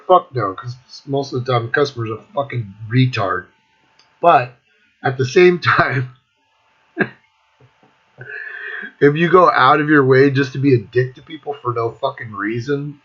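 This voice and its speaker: Husky man ranting, swearing constantly. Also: medium pitch. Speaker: music vlogger. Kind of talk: profane casual rant. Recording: dull lo-fi recording.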